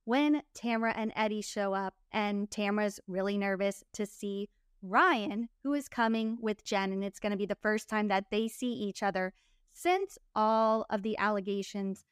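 A woman's voice: mid-range voice, fairly even intonation, a little slow, clear, resonant tone, no echo, studio quality. A young woman co-hosting a casual chat show, recapping a reality series and acting out the cast's lines. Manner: chatty, acts out cast members' lines. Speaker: podcast co-host.

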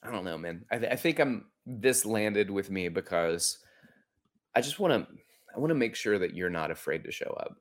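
A middle-aged man hosting a podcast shares a personal story and offers coaching, sounding earnest and reflective and restarting himself often. His voice sits on the low side, with lively intonation and a moderate pace.

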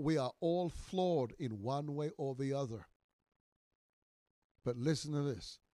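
A man in his sixties, a minister teaching in a podcast sermon, emphatic and repetitive, his voice swelling loud on key words. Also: mid-range voice, no echo. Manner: repeats phrases for emphasis.

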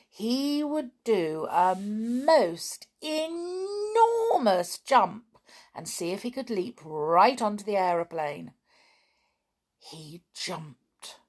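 Expressive woman reading a children's story. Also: fairly high pitch. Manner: expressive, with asides to listeners.

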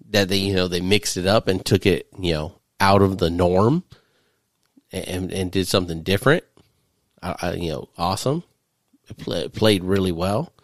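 A man's voice: low voice, dry recording, studio quality. A man hosting a podcast, recapping a movie in casual, profane chat and laughing often. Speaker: podcast host. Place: studio.

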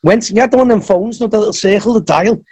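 A man telling a long wrestling story in a podcast interview, acting out what others said in lively bursts. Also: sits high, rapid-fire, breathy edge. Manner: animated anecdotes, acts out others' lines. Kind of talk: casual storytelling.

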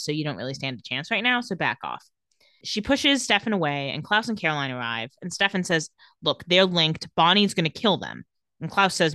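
A woman's voice: on the low side, no room sound. Chatty young woman recapping scenes. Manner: retells scenes, quoting characters with lively shifts. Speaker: podcast co-host recapping a TV episode. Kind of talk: casual chat.

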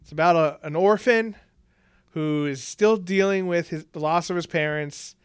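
A man's voice: fairly high pitch, moderate pace, clear, resonant tone, no room sound, clean studio sound. A man co-hosting a casual movie chat, laughing often and swearing freely as he rambles. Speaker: podcast co-host.

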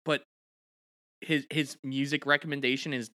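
A man co-hosts a podcast in easygoing, casual chat and laughs easily. His voice is bright and forceful. The sound is dry and close. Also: mid-range voice, flat delivery, moderate pace, no room sound. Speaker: podcast co-host.

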